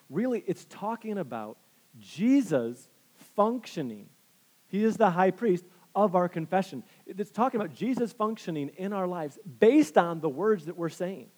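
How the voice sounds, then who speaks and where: A man preaching a sermon, telling personal stories with lively, self-deprecating humor and frequent restarts. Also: on the high side. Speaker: pastor.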